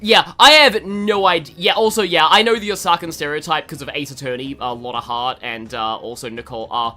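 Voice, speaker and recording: A man's voice: on the high side, fairly quick, bright, forceful tone. An Australian man giving casual, rambling game commentary, full of fillers and laughter. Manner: rambling, chatty, laughs often, many fillers. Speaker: gaming video host. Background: faint game music.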